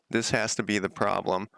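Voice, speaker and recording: A man's voice: lowish voice, creaky, fairly bright tone, dry recording, clean studio sound. A man streaming himself working on a game at home, thinking aloud in a casual, rambling way and often correcting himself. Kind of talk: casual live-coding commentary.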